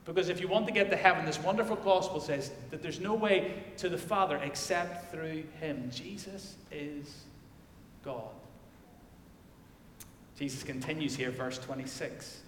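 A man's voice: fairly high pitch, a little fast, few pauses, slight background noise. Man preaching in an echoey church. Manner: dramatic preaching, swinging from loud declarations to hushed emphasis. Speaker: pastor. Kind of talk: sermon with scripture reading.

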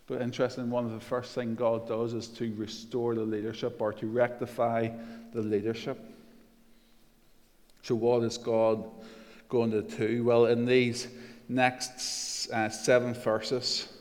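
A male preacher delivering a sermon in a fairly flat, level pitch. He reads scripture slowly and with weight. His voice carries a long reverb, like a church hall. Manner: slow, emphatic scripture reading with rising intensity.

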